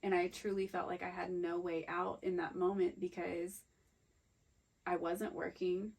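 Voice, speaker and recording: Woman podcast co-host, low and gravelly, telling a personal story in a candid, emotional, halting way. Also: level tone, poor audio. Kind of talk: personal storytelling in casual chat.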